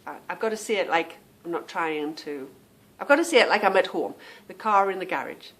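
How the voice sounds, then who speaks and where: A woman's voice: lowish voice, lively intonation, fairly quick. Chatty self-amused woman podcaster. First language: English. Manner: chatty and self-amused, explaining pronunciation with fillers. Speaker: podcast host. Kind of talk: casual monologue.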